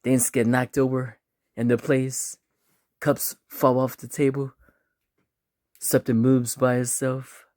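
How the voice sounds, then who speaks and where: A man telling a spooky, funny story in a relaxed, chatty way, acting out bits as he goes. He speaks slowly at a mid pitch. The sound is dry and close. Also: no echo. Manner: laid-back, chatty, acts out voices. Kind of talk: casual storytelling.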